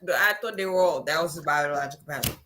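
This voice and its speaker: A woman with a slightly low voice gives blunt, dismissive takes while recapping a reality show. Her talk is casual and opinionated. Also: racing, crowd noise. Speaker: podcast co-host.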